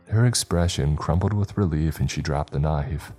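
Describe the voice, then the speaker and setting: A man narrating a horror story in a steady, measured storytelling voice. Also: extremely low pitch, soft background music.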